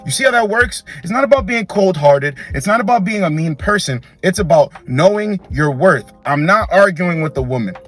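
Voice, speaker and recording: A man's voice: sits high, expressive, moderate pace, hardly any pauses, fairly bright tone, faint music behind. A man giving dating advice in an emphatic, repetitive, slangy monologue.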